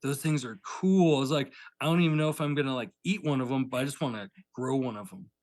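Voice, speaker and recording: A man chatting casually as a podcast guest, rambling and packing every sentence with fillers while he acts out old conversations. His pitch sits right in the middle for a man. The sound is dry and close, with no room around it. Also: very fast, dry recording. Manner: rambling, filler-heavy, retells with quoted dialogue. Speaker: guest, pepper farmer.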